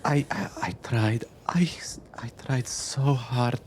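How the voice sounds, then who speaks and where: A man's voice: medium pitch, slow, darkish tone, a little hiss or hum, voice pushed up, lightly acted. A man voicing a grieving, wounded woman who whispers her guilty apologies in a tabletop game. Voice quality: whispery, breathless. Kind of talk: acted character dialogue in a tabletop game.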